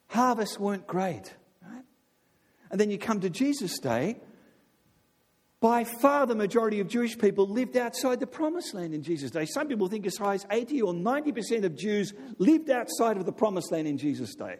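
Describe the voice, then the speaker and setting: A man preaching a sermon in an animated way, often asking his listeners "right?". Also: high-pitched, moderate pace. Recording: long reverb of a large hall.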